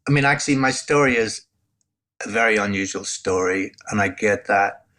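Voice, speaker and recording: A man, a podcast guest candidly telling his personal testimony with halting restarts and self-deprecating asides. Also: lowish voice, pushed and bright. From Northern Ireland.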